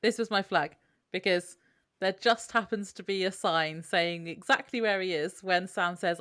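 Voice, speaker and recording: A woman's voice: lowish voice, normal speed, a bit bright. A woman co-hosting a podcast who chats casually and laughs often while joking. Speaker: podcast co-host. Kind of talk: casual chat.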